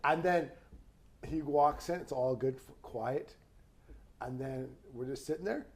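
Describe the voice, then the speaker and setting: Gravelly laid-back man in his thirties. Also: medium pitch, unhurried, background noise. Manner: laid-back storyteller, frequent laughs and swearing. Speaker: podcast host. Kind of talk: casual chat.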